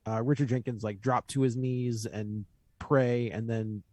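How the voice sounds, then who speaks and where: Man, podcast co-host, chatty film talk, average pitch, dry close mic. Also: fairly even intonation, measured pace, darkish tone, dry recording. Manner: chatty, laughs along, thinks aloud. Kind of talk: casual film discussion.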